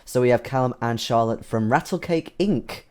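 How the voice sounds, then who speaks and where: A man hosting a relaxed convention interview, chatty and friendly with frequent ums. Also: medium pitch, moderate pace, clean tone.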